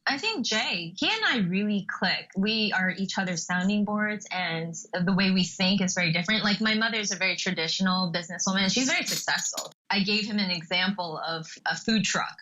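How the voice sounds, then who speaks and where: A woman's voice: medium pitch, lo-fi sound. A young adult woman, a podcast guest and entrepreneur, chatting casually and acting out quoted people as she tells stories. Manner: lively storyteller, acts out quotes with laughs. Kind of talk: casual interview chat.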